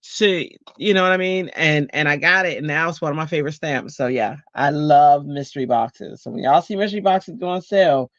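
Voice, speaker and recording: A man's voice: a little high, fairly quick, hardly any pauses, a bit bright, dry recording, muffled recording. A man, chatting casually and rambling with lots of fillers while he makes cards on a livestream at home. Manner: chatty, rambling, greets viewers, many fillers. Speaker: card-making livestream host.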